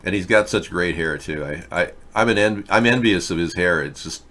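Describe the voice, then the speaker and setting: A man's voice: low-pitched, normal speed, bright, forceful tone. Sarcastic man hosting a political show. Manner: sarcastic, mocking asides. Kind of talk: casual political commentary reading headlines. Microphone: webcam setup.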